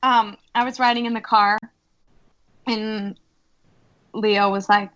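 A woman's voice: medium pitch, steady tone, unhurried, pauses often, a bit bright, dull audio. A woman who co-hosts a podcast and is a mother, chatting casually and expressively from a remote mic. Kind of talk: casual chat. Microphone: plug-in mic, remote call.

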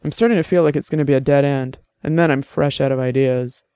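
A man's voice: medium pitch, steady tone, quick pace, warm tone, clean tone, no echo, studio quality, close to an everyday voice. A man voicing an earnest, plain-spoken young detective.

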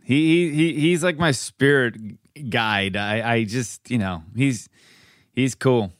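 Earnest, halting man co-hosting a podcast. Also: mid-range voice, no room sound, studio quality. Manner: earnest, halting, repeats words. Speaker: podcast co-host. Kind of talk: casual chat.

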